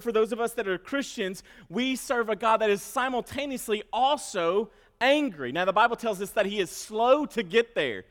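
A male pastor delivers a sermon in a high voice, repeating words as he starts his phrases. He swings from soft asides to loud emphasis. His voice rings with long reverb in a church sanctuary.

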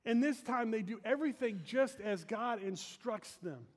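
High-voiced preacher in an echoing hall. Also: male voice, animated, normal speed. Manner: earnest, emphatic preaching with asides to the congregation. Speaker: pastor. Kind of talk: sermon. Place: church sanctuary. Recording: long reverb of a large hall.

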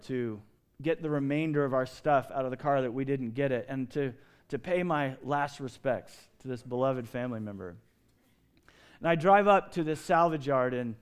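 A middle-aged pastor with a smooth voice preaches a sermon full of lively storytelling, swinging widely in pitch and loudness.

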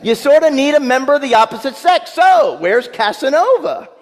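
Lively high-voiced preacher in echoing hall. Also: male voice, moderate pace. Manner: vivid dramatic storytelling with humor. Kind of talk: sermon.

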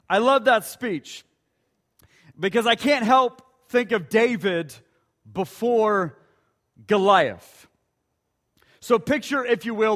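A man's voice: sits high, fairly bright tone. A male pastor preaching a sermon, telling stories with emphatic repetition. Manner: emphatic storytelling with dramatic repetition.

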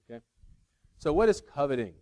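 A man's voice: a little high, sing-song, a little fast, darkish tone. A man preaching a sermon as pastor, conversational and loose, often stopping to restart his sentences. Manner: conversational, self-interrupting, acts out movie scenes.

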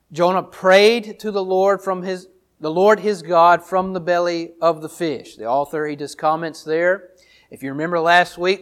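A man with a notably high-pitched voice delivers a sermon. He reads a passage aloud, then walks his listeners through it verse by verse in an earnest, teacherly way, often circling back over his phrases. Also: fairly bright tone, clean tone. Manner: earnest teaching tone, repeats phrases while explaining. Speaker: pastor. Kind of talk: sermon, Bible reading and exposition.

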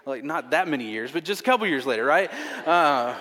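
A man's voice: on the high side, expressive, brisk, fairly bright tone. A man preaching a sermon, telling a personal story earnestly and repeating himself often. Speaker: pastor. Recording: long reverb of a large hall.

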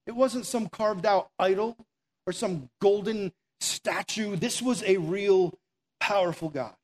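A pastor preaches a sermon in an earnest, conversational way, acting out quoted prayers along the way. His voice is high-pitched and his pace measured.

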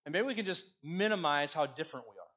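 Male pastor, sermon delivery, slightly high voice, earnest, loud and then hushed. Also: expressive, fast talker. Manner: earnest preaching, swinging between loud emphasis and hushed endings.

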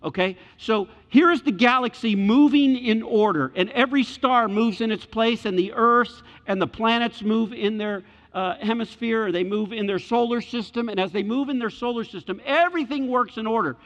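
Animated preacher man in an echoing hall. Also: moderate pace, hardly any pauses. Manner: animated, rises to excited high pitch when dramatizing. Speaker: pastor. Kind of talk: sermon. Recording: dull sound with long hall reverb.

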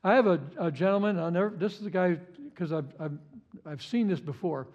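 A man's voice: high-pitched, fairly quick, darkish tone, highs cut off. A male pastor preaching a sermon with passion, often repeating words and stumbling over restarts.

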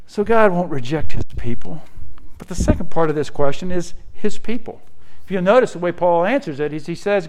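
Emphatic man preaching a sermon. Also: fairly high pitch. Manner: emphatic preaching with frequent "right?" asides. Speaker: pastor.

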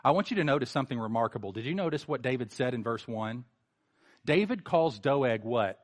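A male pastor preaching a sermon, animated, with sarcastic mocking asides. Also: medium pitch, brisk.

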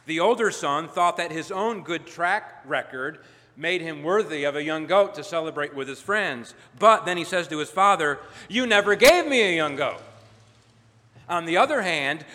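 A man preaching a sermon as pastor, emphatic, building to loud peaks and dropping low. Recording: long hall reverb.

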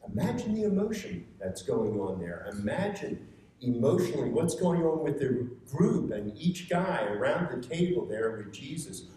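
A man's voice: medium pitch, mellow, a little hiss or hum. A man giving a conversational sermon to a seated group, earnest and rising to emphatic urging. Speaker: preacher. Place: meeting room with a seated group. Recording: echoey room, picked up from far off.

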